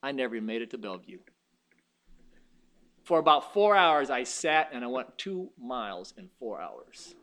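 A man preaching a sermon, telling stories and swinging from quiet asides to loud, high exclamations. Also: big pitch swings, moderate pace, slight background noise. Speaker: pastor.

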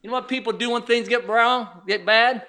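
A male preacher with an extremely high, sharply edged voice delivers a fervent sermon. He drives his points home with rhetorical questions and sudden shouts. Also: fairly even intonation, normal speed.

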